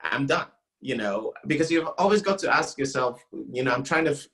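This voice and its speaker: Man giving acting notes, gentle, keeps asking does that make sense, mid pitch. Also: expressive, brisk. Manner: gentle, questioning, explanatory. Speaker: acting coach. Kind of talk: masterclass coaching.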